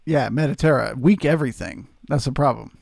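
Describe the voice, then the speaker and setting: A man's voice: mid-range voice, brisk, vocal fry, darkish tone, no room sound, studio quality. A man hosting a live trading stream, answering chat and coaching viewers in an earnest, emphatic way. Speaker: trading livestream host.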